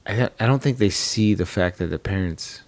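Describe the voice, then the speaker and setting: A man's voice: lowish voice, a little fast, darkish tone, no room sound. A man in his thirties co-hosting a podcast, talking candidly about family and swearing freely. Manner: candid, swearing, acts out quoted dialogue. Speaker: podcast co-host. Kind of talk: casual chat.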